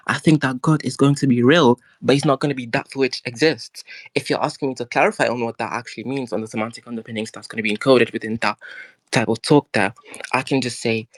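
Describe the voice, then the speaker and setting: A man's voice: mid-range voice, no room sound. A man with a noticeable accent in a heated online debate, packing his arguments with dense philosophical jargon and hurling profane insults at his opponent. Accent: non-standard English accent.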